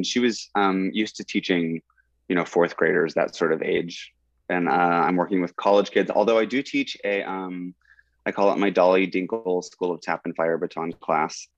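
A man's voice: deep voice, no echo, muffled recording. A man on a podcast as a guest, talking in a rambling, reflective way with lots of "like" and "um". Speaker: college teacher. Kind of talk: casual conversation. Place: in Oklahoma.

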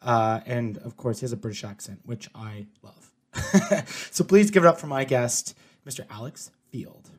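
A man's voice: medium pitch, normal speed. A man from Canada hosting a podcast, chatting in an upbeat, casual way with lots of fillers. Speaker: podcast host. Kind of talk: podcast intro and interview.

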